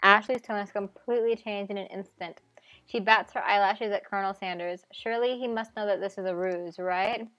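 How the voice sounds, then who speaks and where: A woman's voice: mid-range voice, fairly even intonation, a little fast, fairly bright tone, dull audio, faint music behind. Wry woman streamer reading a game. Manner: wry, playful narration with asides.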